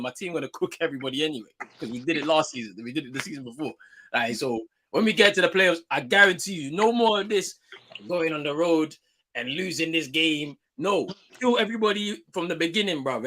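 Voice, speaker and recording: A man's voice: fairly high pitch, expressive, fast, bright, forceful tone, low-quality recording. A young man with a British accent co-hosting a casual sports debate, teasing his friend in laddish banter. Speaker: co-host.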